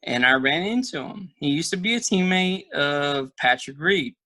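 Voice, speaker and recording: A man, a guest in a casual interview over a video call, telling animated stories and laughing often. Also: on the high side, moderate pace, dry recording, poor audio. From Texas. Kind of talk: casual storytelling chat.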